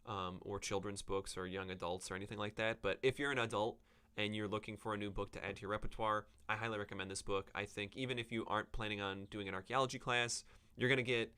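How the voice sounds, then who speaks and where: This is a man hosting a podcast, chatting loosely without a script and wandering between thoughts with plenty of ums. His voice sits a little low but sounds bright and forward. It is clean and smooth throughout. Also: fairly even intonation, fast talker. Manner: rambling, with many ums and self-corrections. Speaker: podcast host reviewing books. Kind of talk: unscripted casual podcast talk.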